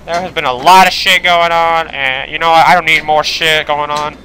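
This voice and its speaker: A man playing a horror video game, commentating with panicky swearing, switching between yelling and muttering. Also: on the high side, steady tone, normal speed. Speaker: gaming video host.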